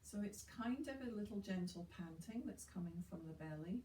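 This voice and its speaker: A woman guiding a chair yoga session, giving slow, soothing breathing instructions with gentle encouragement. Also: lowish voice, expressive, a little hiss or hum. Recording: roomy, distant mic with faint ambience.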